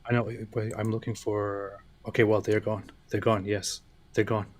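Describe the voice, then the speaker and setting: A man co-hosting a livestream in casual chat, playful and excitable, often repeating himself. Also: fairly low pitch, normal speed. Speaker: co-host.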